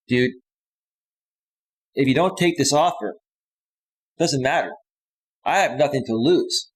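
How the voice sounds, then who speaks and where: Guy in his 30s on a live stream, fired up and combative, keeps repeating himself, mid-pitched voice right up on a good mic. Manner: heated, combative, repeats phrases. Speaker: live stream host, life coach. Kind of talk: ranting live stream monologue. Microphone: close studio microphone with a limiter.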